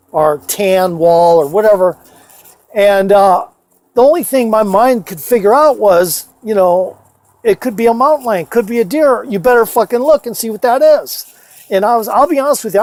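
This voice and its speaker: A man's voice: sits high, darkish tone. Rambling, foul-mouthed man in his fifties. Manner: rambling, swears a lot, many fillers and asides. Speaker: storyteller. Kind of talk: casual personal storytelling.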